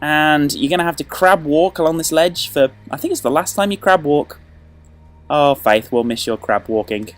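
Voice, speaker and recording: A man hosting a video game walkthrough, joking and playful, with sudden excited outbursts. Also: on the high side, moderate pace, soft background music. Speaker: let's play host.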